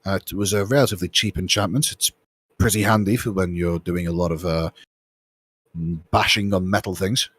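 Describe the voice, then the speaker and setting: A man's voice: sits low, steady tone, fairly quick, a bit bright, husky, no echo. A man voicing a weary, exasperated, bookish male engineer who talks in a hesitant, polite way and sighs often.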